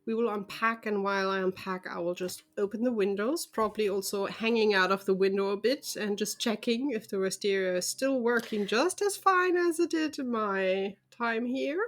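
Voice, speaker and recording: A woman's voice: medium pitch, normal speed, hardly any pauses. Woman player speaking in character. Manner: plans aloud in first person, in character. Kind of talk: playing a character in a tabletop game.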